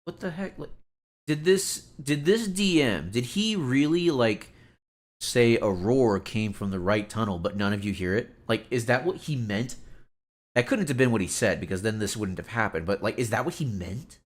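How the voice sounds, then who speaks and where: A man's voice: medium pitch, animated, normal speed. A man chatting casually on a live stream, rambling and exasperated, with lots of "like" fillers as he tells stories and reacts.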